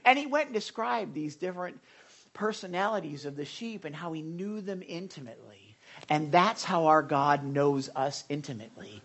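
A man's voice: on the high side, animated, moderate pace, a bit bright, highs cut off. A male pastor preaching in a loose, conversational way, full of stories, fillers and restarts. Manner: rambling, anecdotal, many fillers and restarts. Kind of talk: conversational sermon.

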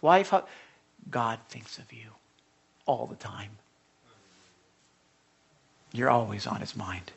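A man's voice: fairly low pitch, lively intonation, creaky, husky. A man preaching a sermon as pastor, talking conversationally, stumbling and restarting, then swelling into fervent bursts. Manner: conversational, swings from hushed asides to impassioned outbursts; halting restarts and repetitions.

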